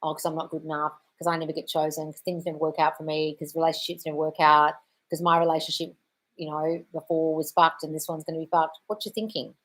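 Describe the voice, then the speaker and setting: Her voice is low-pitched, level, quick and a bit bright as she reads out chat questions during a live Q&A. A manifestation coach, she responds bluntly, cursing freely and addressing people as darling.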